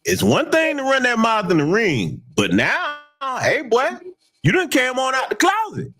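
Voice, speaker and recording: A man hosting a heated commentary broadcast, talking in an emphatic, taunting, loud way. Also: very high-pitched, wildly swooping pitch, moderate pace. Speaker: host.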